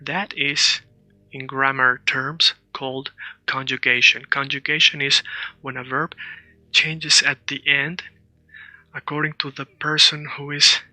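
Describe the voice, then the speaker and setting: Male language teacher, casual lesson, very bright tone, dry close recording, explains and repeats words. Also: mid-range voice, no room sound. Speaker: Spanish teacher.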